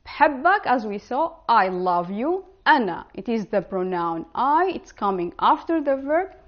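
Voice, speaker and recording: Woman teacher, fairly high voice, careful slow pronunciation, slightly dull lo-fi recording. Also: sing-song. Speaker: language teacher. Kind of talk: online language lesson.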